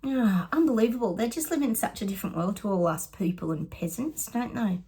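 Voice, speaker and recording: A woman's voice: medium pitch, lively intonation, fairly quick, warm tone, breathy edge. A middle-aged Australian woman, a psychic giving casual predictions, chatty and sarcastic, often laughing.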